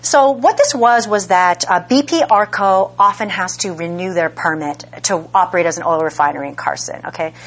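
A woman giving an academic lecture in a conversational way, often checking in with the listeners. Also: on the low side. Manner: conversational, frequent "right?" check-ins.

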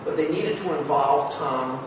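Man speaker, slightly high voice, animated halting anecdotes, distant in a very echoey hall. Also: dull audio. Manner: animated storytelling, halting with fillers and restarts. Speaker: former TV news producer giving a talk. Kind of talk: anecdotal talk to an audience. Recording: echoey hall, voice from far off with noise.

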